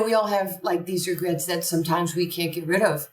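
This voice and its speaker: An older woman, a podcast guest, telling long stories in an animated, long-winded way. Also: fairly low pitch, brisk. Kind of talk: conversational storytelling. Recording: echoey room, distant from the mic.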